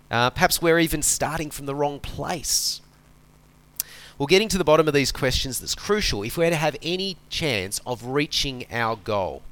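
Relaxed, chatty male preacher. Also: medium pitch, no echo. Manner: relaxed, chatty, asks the listeners rhetorical questions. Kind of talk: conversational sermon.

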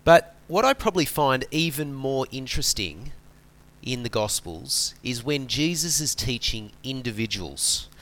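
Man, preacher, conversational sermon, relaxed, chatty, rhetorical questions to listeners. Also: medium pitch, a little slow.

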